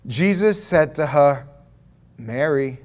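A middle-aged man preaching a sermon, reading scripture aloud and breaking off into animated, conversational asides and jokes. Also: on the high side, takes it slowly. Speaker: pastor.

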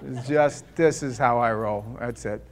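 A middle-aged man, a preacher, telling a personal story to an audience in an animated, self-deprecating way, swinging between loud outbursts and quiet confession and acting out his own thoughts. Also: medium pitch, measured pace, a faint crowd.

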